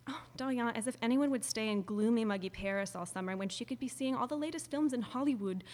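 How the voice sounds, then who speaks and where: A woman voicing a teasing, sharp-tongued young Frenchwoman in an audiobook, with a dry, mocking delivery. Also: a little high, fast talker, long reverb tail, voice pushed up, lightly acted. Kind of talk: audiobook character reading.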